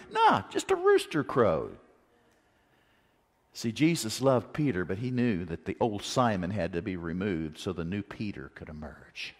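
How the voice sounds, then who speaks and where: A man preaching a sermon, animated, asking rhetorical questions and acting out the quotes he tells. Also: on the low side, moderate pace. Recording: long reverb of a large hall.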